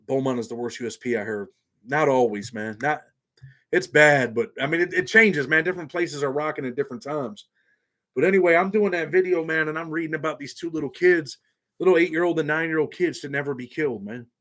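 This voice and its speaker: A man's voice: medium pitch, fairly bright tone. A man hosting a casual livestream, talking bluntly in street slang. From New York. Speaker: channel host.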